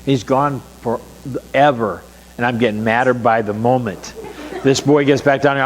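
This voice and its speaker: A man's voice: medium pitch, moderate pace, long reverb tail, slight background noise. An older man, a pastor, telling a family story with wry humor in a sermon.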